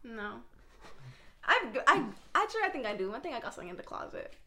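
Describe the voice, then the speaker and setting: A young woman co-hosting a casual chat, giggly and animated, swearing casually. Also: high-pitched, quick pace. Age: young adult. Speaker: podcast co-host.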